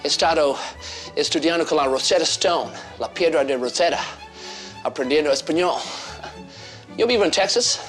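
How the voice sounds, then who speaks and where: A man doing an impression of a former male president, speaking halting learner's Spanish loudly and slowly. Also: on the high side, animated, faint music behind. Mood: proud.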